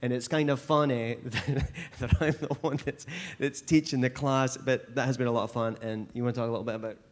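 A man's voice: medium pitch, fairly even intonation, a little fast. Scottish male missionary, casual church report, lots of ums and restarts. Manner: rambling, earnest, with frequent fillers.

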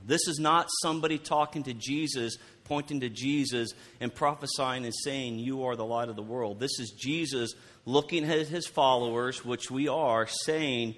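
A man's voice: medium pitch, normal speed, few pauses, fairly bright tone. A man preaching a conversational sermon, who often repeats words and asks his listeners questions. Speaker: pastor.

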